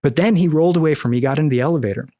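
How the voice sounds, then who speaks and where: A middle-aged man from the American Midwest, guest on a podcast interview, telling a story with animated acted-out dialogue. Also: on the high side, rapid-fire, no echo, studio quality. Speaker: podcast guest, cannabis activist.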